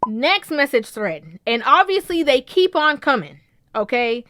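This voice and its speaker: A woman hosting a casual commentary vlog, animated, often breaking into laughter and tossing in a questioning "okay?". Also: sits high, measured pace. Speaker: vlog host.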